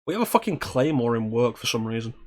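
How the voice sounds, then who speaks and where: A man's voice: mid-range voice, big pitch swings, fast, no room sound, studio quality. A man co-hosting a casual stream, reading a script aloud and swearing freely while joking about his own attempts at accents. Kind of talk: casual chat.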